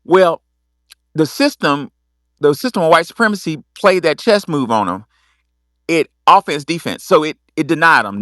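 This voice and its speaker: A middle-aged man hosting a talk show, telling stories in a lively way, cussing freely and acting out the people he quotes. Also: on the high side, normal speed, dry recording, studio quality. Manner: animated storytelling with acted-out quotes; cusses freely. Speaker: host. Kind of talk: casual talk show monologue.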